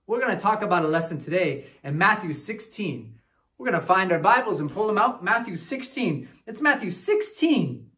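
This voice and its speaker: A man's voice: high-pitched, exaggerated voice. A man playing a goofy, upbeat traveling cousin who teaches a children's Bible lesson in character. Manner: animated, talks straight to kids with frequent "right?".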